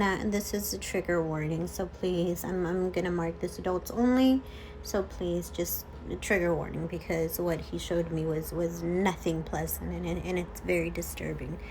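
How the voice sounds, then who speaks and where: A woman sharing a personal spiritual vlog, earnest and emotional, halting with many restarts. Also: fairly low pitch, a little mellow, slight background noise, low-quality recording. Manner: earnest, pleading. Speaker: spiritual content creator.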